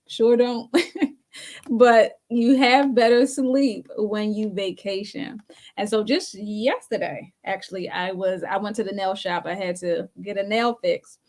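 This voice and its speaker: A woman's voice: mid-range voice, steady tone, a little slow, a little mellow. A woman co-hosting a talk show, telling a story in a casual, chatty way and laughing often between phrases.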